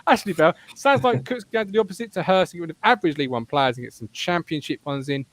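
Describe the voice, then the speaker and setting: A man hosting a casual fan podcast, with a slightly raised pitch. He talks in an animated, jokey way and teases his co-hosts. The sound is dry and close. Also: fast, dry recording. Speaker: podcast host.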